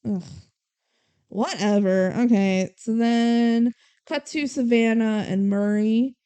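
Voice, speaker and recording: A young adult woman co-hosting a podcast, retelling a movie plot in animated casual chat with swearing and acted-out quotes. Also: fairly high pitch, slow, clear, resonant tone. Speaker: podcast co-host.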